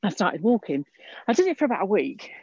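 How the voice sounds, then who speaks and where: A woman's voice: medium pitch, sing-song, fairly quick, a little mellow, husky, no echo. A woman guest talking casually on a walk outdoors, hesitant with many fillers. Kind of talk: casual interview. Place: outdoor park. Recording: dull lo-fi recording.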